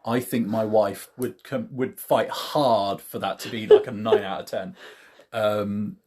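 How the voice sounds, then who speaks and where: A man's voice: fairly low pitch, fairly even intonation, a little slow, darkish tone. A man co-hosting a podcast, chatting casually in an easygoing, hedging way with many ums. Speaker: podcast co-host. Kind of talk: casual chat.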